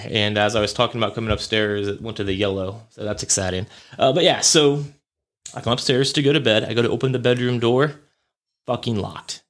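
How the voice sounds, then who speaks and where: A young podcast host rambles through a casual story full of fillers, swearing and chuckles. His voice is medium-pitched and a bit bright.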